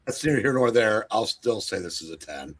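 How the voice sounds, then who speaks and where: A man's voice: lowish voice, lively intonation, fairly quick, fairly bright tone, slightly rough. A man co-hosting a casual chat, giving his opinions in a hesitant way. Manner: hesitant, with fillers and restarts. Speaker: co-host and guest.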